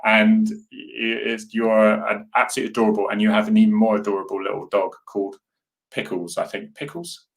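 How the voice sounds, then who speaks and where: A man's voice: fairly low pitch, monotone, fairly quick, gravelly, few pauses. A man hosting a casual live chat, talking earnestly and rambling as he answers viewer comments. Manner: rambling, earnest, with many restarts and asides to viewers. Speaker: host.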